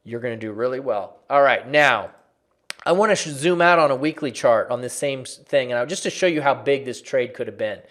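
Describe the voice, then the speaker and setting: A man walking viewers through trading charts in a lively, conversational lesson, often repeating phrases for emphasis. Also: mid-range voice, fairly quick. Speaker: trading educator.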